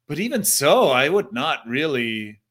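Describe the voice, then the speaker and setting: A man co-hosting a podcast, speaking hesitantly in casual chat with many pauses and restarts. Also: on the high side, big pitch swings, a bit bright. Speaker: podcast co-host.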